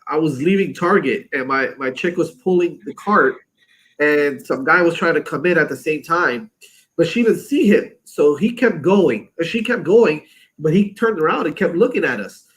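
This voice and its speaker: A man's voice: on the high side, lively intonation, normal speed, fairly bright tone, husky. A man chatting casually on a podcast, telling stories in a blunt, profane way. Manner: blunt, profane, loose storytelling. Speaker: podcast co-host. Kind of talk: casual chat.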